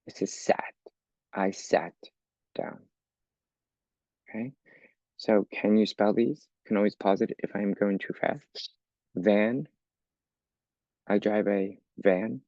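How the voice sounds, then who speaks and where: A man's voice: on the low side, takes it slowly, long pauses, a little mellow, no room sound, lo-fi sound. A man teaching an English lesson for learners, explaining patiently step by step and often checking with "okay?". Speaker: ESL teacher.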